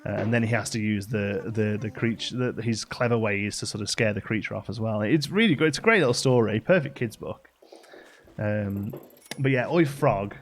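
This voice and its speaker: A man's voice: on the low side, moderate pace. Chatty man streaming. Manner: rambling and chatty, many fillers and restarts. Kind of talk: casual live-stream chat.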